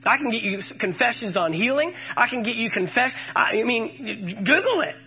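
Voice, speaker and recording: A man's voice: very high-pitched, expressive, normal speed, breathy edge, lo-fi sound. A man preaching a sermon, quoting scripture with emphasis and calling out questions to the congregation.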